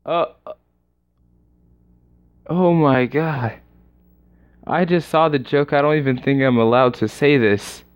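A young man casually commenting on a game during a livestream, excitable and rambling as he reacts aloud. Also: mid-range voice, takes it slowly, pauses often, clear, resonant tone. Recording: slightly dull lo-fi recording.

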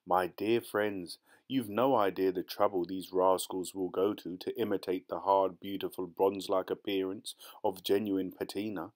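A man voicing Mister Boggis, a fussy, smooth-talking antiques dealer posing as a clergyman, lecturing in a precise, indignant manner. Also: low-pitched, fairly even intonation, normal speed, hardly any pauses, a little mellow, close to an everyday voice.

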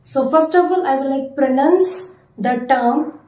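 A woman from India teaching French country names, saying each word slowly several times over. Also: sits high, mellow. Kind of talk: slow language lesson with repeated pronunciations. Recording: echoey room, voice a bit far from the mic.

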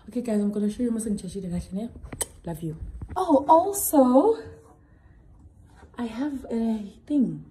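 A woman's voice: on the high side, lively intonation, measured pace, long pauses, mellow. Chatty woman vlogging. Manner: chatty, mixes English with isiZulu. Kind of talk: casual vlog talk to camera. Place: hotel room and lobby. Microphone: handheld phone. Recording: noisy phone recording.

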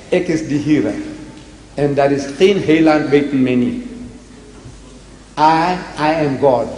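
An older man from South Africa giving a religious debate lecture, animated, often acting out the dialogue he quotes. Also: fairly high pitch. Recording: echoey hall with faint noise.

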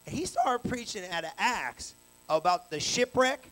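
A man preaching a sermon at a church service in a colloquial, storytelling way, full of slang, with energetic bursts that rise to loud peaks. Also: sits high, normal speed, soft background music, poor audio.

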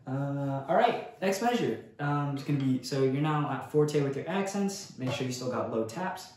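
A man giving a casual percussion lesson in a relaxed way, counting rhythms aloud and often saying "cool". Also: mid-range voice, normal speed. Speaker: percussion instructor. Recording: very echoey room, faint noise.

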